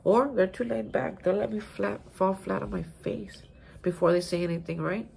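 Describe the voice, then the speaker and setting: A woman's voice: medium pitch, fairly even intonation, moderate pace, vocal fry, a little mellow, slight background noise. A woman giving a casual spoken daily reflection on recovery from a hotel room. She talks emphatically and repeats words for stress. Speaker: recovery vlogger.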